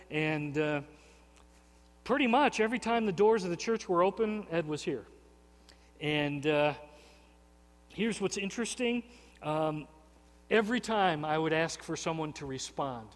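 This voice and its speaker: A man's voice: sits high, long reverb tail. A man preaching a sermon as pastor, earnest and personal, often repeating words and restarting phrases. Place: church sanctuary.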